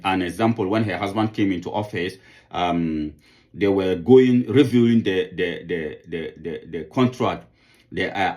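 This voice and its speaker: A man from Sierra Leone delivers political commentary in a lowish voice. He stumbles and repeats words as he searches for them. Then he rises into indignant outbursts.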